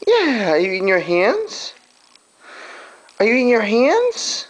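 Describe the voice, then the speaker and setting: A man's voice: very high-pitched, wildly swooping pitch, measured pace, pauses often. Sing-song father baby-talking. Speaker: father filming his baby. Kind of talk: home video baby talk.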